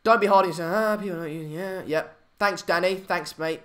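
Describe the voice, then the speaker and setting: A man's voice: high-pitched, moderate pace, a bit bright. A young man, hosting a casual live stream chat, hesitant with many fillers and restarts. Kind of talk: casual live match chat, reading comments.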